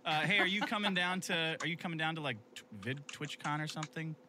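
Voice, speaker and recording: A man's voice: on the high side, quick pace, bright, forceful tone, slight background noise. A man hosting a casual chat, joking and swearing freely. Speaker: host.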